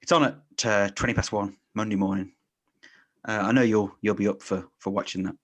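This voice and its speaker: A man imitating his cousin who lives in New York, in a coaxing, slow manner that stays close to his own voice. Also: lowish voice, fairly even intonation, pitched below the performer's own voice, lightly acted.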